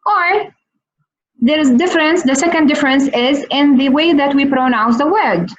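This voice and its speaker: A woman teaching on a video call, slowly repeating each word for her students. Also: high-pitched, highs cut off, slight background noise. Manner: slow, repeats words for learners. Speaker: Arabic teacher. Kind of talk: online language lesson.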